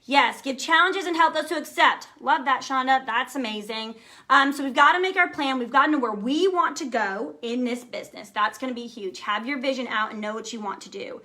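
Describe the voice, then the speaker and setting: A woman's voice: sits high, brisk, pushed and bright. A young adult woman giving an emphatic, upbeat motivational live talk to her sales team, often checking in with "okay?" and "right?".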